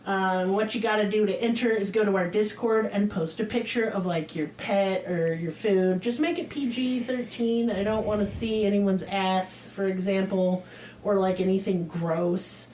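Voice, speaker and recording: A woman's voice: medium pitch, steady tone, moderate pace, darkish tone, a little hiss or hum. A woman, co-hosting a podcast in a blunt, profane, joking way. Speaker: podcast co-host. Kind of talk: casual chat.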